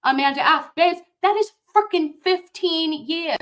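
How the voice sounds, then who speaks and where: A young woman hosting a casual reaction commentary, emphatic and animated, talking straight to her viewers. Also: very high-pitched, measured pace, few pauses. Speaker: commentary host.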